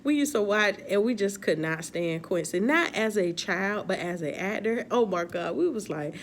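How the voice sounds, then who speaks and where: A woman's voice: mid-range voice, animated, normal speed. Woman reviewer, chatty, exasperated, laughing asides, faint hiss behind. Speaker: TV episode reviewer. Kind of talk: casual recap and commentary.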